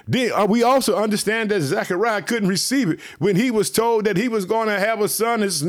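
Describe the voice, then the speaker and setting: A man preaching a fervent sermon to online listeners, whom he calls family, with lots of repetition. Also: high-pitched. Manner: repetitive, exhorting, keeps saying "let me tell you something"; speaks directly to listeners as family.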